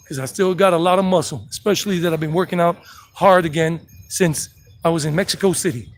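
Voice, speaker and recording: Poor audio captures a brisk, slightly high male voice: a South Carolina man in his fifties guiding a walking tour outdoors as a vlogger. His casual chat is brash and rambling, with street noise in the background on the city street.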